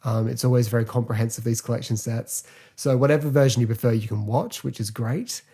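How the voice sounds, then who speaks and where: Male podcast host, casual and rambling, warm mellow tone. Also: medium pitch, husky. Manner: chatty, rambling, filler-heavy, quick to laugh. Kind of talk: casual solo podcast review.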